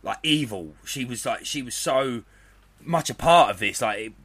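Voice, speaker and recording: A man's voice: medium pitch, animated, fairly bright tone, breathy edge. A young man, co-hosting a podcast in rambling, sweary casual chat. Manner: rambling, swearing, quick to laugh. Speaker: podcast co-host.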